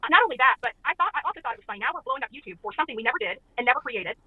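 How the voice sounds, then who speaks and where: A woman's voice: on the high side, expressive, husky, dry recording. Indignant woman venting over a phone line. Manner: indignant, emphatic, rapid venting. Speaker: guest on a stream. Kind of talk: casual chat over the phone. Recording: tinny phone line, faint hiss.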